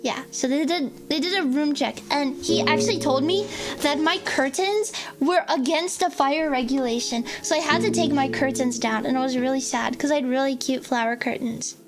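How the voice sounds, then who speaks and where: Young streamer girl, high voice, rambling with lots of "like", loud music behind. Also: moderate pace. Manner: rambling, filler-heavy, acts out quotes. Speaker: VTuber streamer. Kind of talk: casual storytelling chat.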